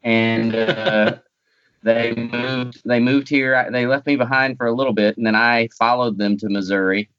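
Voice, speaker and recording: A man's voice: medium pitch, steady tone, unhurried, a bit bright, clear, resonant tone, dull audio. A man with a light North Carolina accent, a guest in a casual interview, talking with dry, self-deprecating humor.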